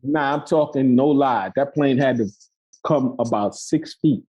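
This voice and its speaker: A middle-aged man telling a story in a casual interview, animated and slangy, laughing often. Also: medium pitch, a little slow, husky, highs cut off. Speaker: podcast guest, actor.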